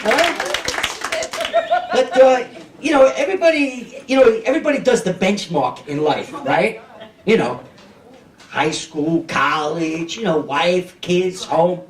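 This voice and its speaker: A man's voice: high-pitched, a little slow, pauses often. A man, doing a streetwise stand-up set in a comedy club and often checking in with the crowd. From Brooklyn, New York. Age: 50s. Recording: echoey club, mic heard from a distance, audience noise.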